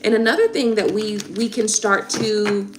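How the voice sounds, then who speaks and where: A woman's voice: medium pitch, moderate pace, background noise. A young woman giving tarot readings on a live stream, chatting casually and emotionally with viewers.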